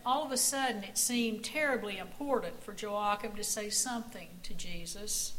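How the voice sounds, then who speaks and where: A woman preacher telling a dramatic story in a church sanctuary, often hushing her voice to a near whisper. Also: a little high, poor audio. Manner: dramatic, hushed storytelling with dropping voice. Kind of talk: storytelling sermon.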